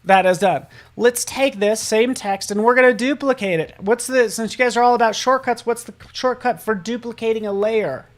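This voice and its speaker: An upbeat man runs a live software tutorial and talks straight to viewers in the chat. His delivery is casual and playful, and he jokes about himself as he teaches. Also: very high voice, normal speed, few pauses. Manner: casual and self-joking. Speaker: host and software instructor.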